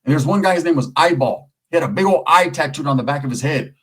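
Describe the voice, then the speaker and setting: Middle-aged Californian man, streetwise storyteller, husky and slightly high. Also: fast, rough recording. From Merced area, California. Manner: streetwise slang, profane, animated. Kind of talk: casual storytelling.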